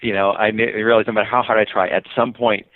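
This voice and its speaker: An American man, a guest on a podcast, telling a travel story in an animated way and acting out the voices of the people in it. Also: fast, no echo. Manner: acts out quoted voices with big pitch jumps. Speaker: guest, touring cyclist and author. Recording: dry, tinny phone-line sound.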